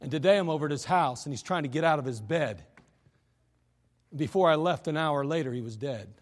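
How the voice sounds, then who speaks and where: Man, pastor, emphatic conversational sermon, high voice, reverberant church. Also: brisk. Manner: earnest, emphatic, conversational preaching. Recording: echoey church hall.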